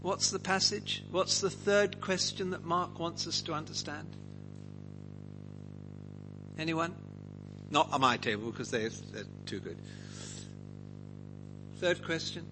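A man's voice: on the high side, unhurried, long pauses, background noise. A man teaching a Bible passage to a group, asking them questions and acting out quotes. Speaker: preacher leading a Bible study.

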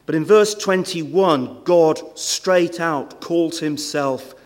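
A man's voice: on the high side, takes it slowly. A man preaching a sermon in a church, conversational, with rhetorical questions and frequent hesitations. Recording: long hall reverb.

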